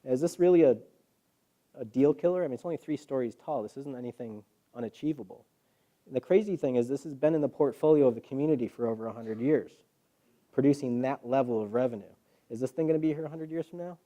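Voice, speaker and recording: A man's voice: medium pitch, fast. A man presenting to a live audience in a hall, telling stories with rhetorical questions and acted-out quotes. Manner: animated storyteller, acts out quotes, rhetorical questions. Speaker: guest presenter. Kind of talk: public talk to a live audience.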